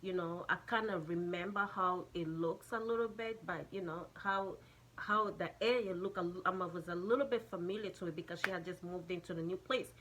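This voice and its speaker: A woman's voice: fairly low pitch, fairly quick, fairly bright tone, a little hiss or hum. Jamaican woman, casual storytime vlogger, rambling and profane. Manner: rambling, swears, restarts often.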